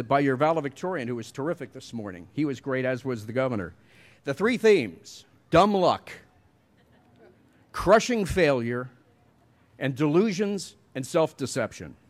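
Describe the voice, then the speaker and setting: A middle-aged man giving a commencement speech, telling wry, self-deprecating stories at a podium mic. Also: on the high side. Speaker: commencement speaker.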